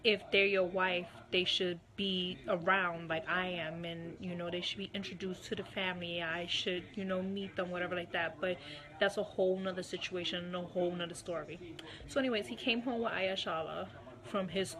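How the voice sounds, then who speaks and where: A woman's voice: lowish voice, steady tone, a crowd in the background. Woman telling a candid personal story. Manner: unhurried, with frequent "um" and "you know". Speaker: guest recounting her marriage.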